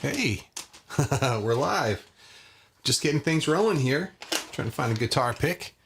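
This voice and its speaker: A man teaches guitar on a live stream, chatty and casual, greeting viewers by name and leaning on plenty of fillers. His medium-pitched voice is gravelly and slow, with lively intonation. There's a slight hiss or hum in the audio.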